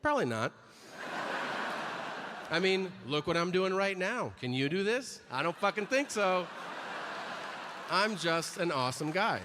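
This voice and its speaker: A man's voice: high voice, animated, unhurried, long pauses, big-room sound, noisy background. A man in his thirties doing a brash stand-up set on a comedy stage, acting out dialogue as he tells his stories. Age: 30s. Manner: brash storytelling, acts out dialogue.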